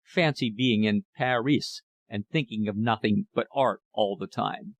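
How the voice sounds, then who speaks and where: A man's voice: on the low side, measured pace, creaky, no echo. A man voicing a rowdy jolly young American. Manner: boisterous, loud.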